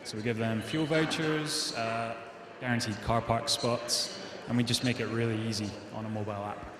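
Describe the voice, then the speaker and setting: A man explaining his startup on stage after winning, brisk with short fillers. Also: mid-range voice, fairly even intonation. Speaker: startup founder accepting award. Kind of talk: pitch explanation. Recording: echoey hall, crowd behind.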